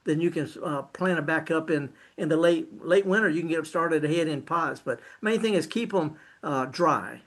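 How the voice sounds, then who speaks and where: Blunt older garden expert. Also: male voice, on the high side, fairly bright tone. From Mississippi Delta. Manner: down-to-earth, blunt, halting. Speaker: gardening show host. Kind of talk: casual radio chat.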